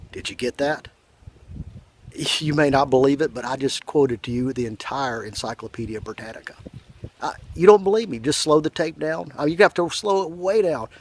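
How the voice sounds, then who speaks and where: A man with a Southern US accent telling a folksy comic story in a slow, drawling, deadpan way. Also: mid-range voice, slightly rough. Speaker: comedian.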